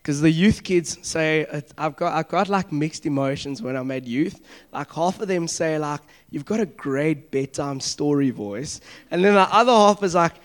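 A man's voice: fairly high pitch, moderate pace. A young man preaching a sermon in a casual, conversational way, acting out little dialogues and asking the listeners direct questions. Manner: conversational, animated preaching with asides and acted-out dialogue.

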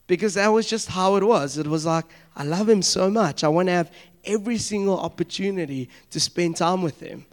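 High-voiced man preaching. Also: fairly quick. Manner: conversational, animated preaching with asides and acted-out dialogue. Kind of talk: sermon.

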